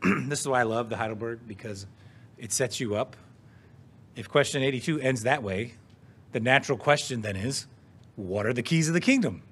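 A man, the pastor, preaching a sermon in a measured, earnest way, stressing key words and asking rhetorical questions, and now and then clearing his throat. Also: mid-range voice, a bit bright.

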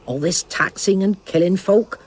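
A woman's voice: medium pitch, normal speed, a little mellow, slightly rough, close to an everyday voice. A woman voicing a cheerful, bawdy old witch in a cartoon, teasing and gossipy with a chuckle. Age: older. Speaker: village witch, mother. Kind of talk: animated cartoon voice acting.

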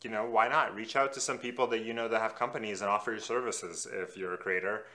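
A man's voice: fairly low pitch, steady tone, quick pace, sharp tone. A man co-hosting a casual chat, speaking in an easygoing way and offering friendly advice. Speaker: co-host.

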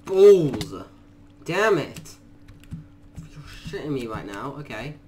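Shrieking, excitable young gaming guy. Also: medium pitch, slow. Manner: excitable, shrieks and swears in panic; mutters quietly to himself between outbursts. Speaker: gaming YouTuber. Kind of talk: let's play commentary.

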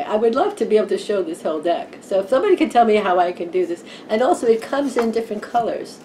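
A woman hosting a home tarot vlog, chatting loosely and giggling as she rambles along. Her voice sits at an everyday middle pitch, and a faint hum of room noise runs behind her. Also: darkish tone. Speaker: tarot channel host. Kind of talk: casual vlog chat. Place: home room with a fan running.

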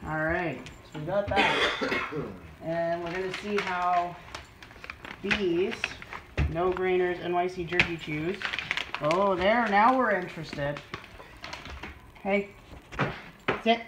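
A woman's voice: lowish voice, takes it slowly, long pauses, echoey room, very noisy. A young adult woman chatting to her dog in sing-song baby talk, gasping with delight as she unboxes at home. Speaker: vlogger. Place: home room.

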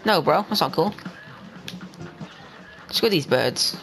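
Excitable young man with a gravelly edge. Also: a little high, takes it slowly, faint music behind, rough recording. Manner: excitable, talks to the game and viewers, bursts into yells. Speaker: gaming channel host. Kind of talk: let's play commentary.

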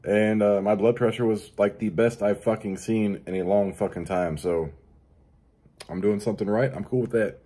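A man's voice: fairly low pitch, fairly even intonation, moderate pace, mellow, husky. A middle-aged man hosting his own show, talking casually in a crude, profane, joking way. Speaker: podcast host. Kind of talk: casual solo monologue.

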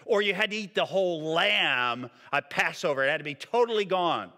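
Male pastor preaching in a church hall. Bright, lively voice with long hall reverb. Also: fairly high pitch, moderate pace. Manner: animated preaching, drops to quiet emphasis. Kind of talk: sermon. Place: church sanctuary.

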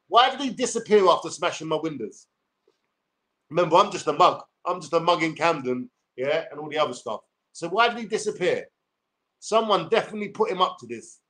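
A man with a London accent, in his forties, rants on a livestream in a combative, profane way, full of street slang. His voice sits slightly high for a man. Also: lively intonation, brisk, fairly bright tone. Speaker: YouTuber. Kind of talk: livestream rant.

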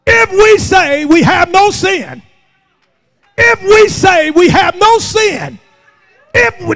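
Older preacher shouting, very high gravelly voice. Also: male voice. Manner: shouting, urging the congregation with call-and-response and frequent laughs. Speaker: pastor. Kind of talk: fiery church sermon. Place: church sanctuary.

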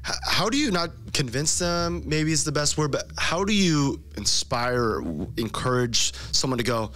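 A man hosting a podcast, casually asking questions with searching, halting phrasing. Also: fairly high pitch, very animated, fairly bright tone. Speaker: podcast host. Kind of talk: casual conversational interview.

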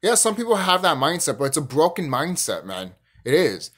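A man's voice: fairly high pitch, very animated, brisk, fairly bright tone, breathy edge. A young man hosting his own channel, ranting emphatically and profanely in a casual spiritual monologue, often restarting his sentences. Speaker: YouTube channel host.

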